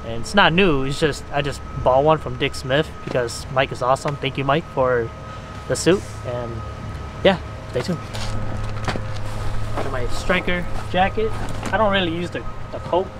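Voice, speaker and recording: A man vlogging while fishing outdoors, chatty and excitable, talking straight to his viewers. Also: fairly high pitch, moderate pace. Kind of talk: casual outdoor vlog. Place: outdoors by the water at night in wind. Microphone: camera mic covered against wind. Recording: outdoor mic with loud wind noise.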